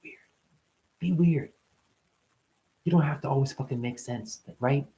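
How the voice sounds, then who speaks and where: A man's voice: medium pitch, a little slow, dark tone. A man talking as a spiritual teacher in a loose, profane monologue, playful and fond of acting out other people's voices. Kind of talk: rambling spoken monologue.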